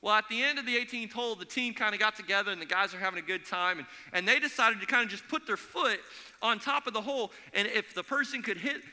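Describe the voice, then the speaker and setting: A man preaching a sermon in a church, telling stories in an animated way and acting out the voices of the people in them. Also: sits high, fast talker, long reverb tail. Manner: animated storytelling, acts out quoted voices. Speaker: pastor. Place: church sanctuary.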